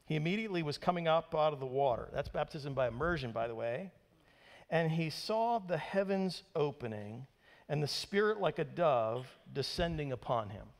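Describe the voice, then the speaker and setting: A man's voice: high voice, in a large hall. A male pastor preaching a sermon to his congregation in a conversational manner, often asking them rhetorical questions. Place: church sanctuary.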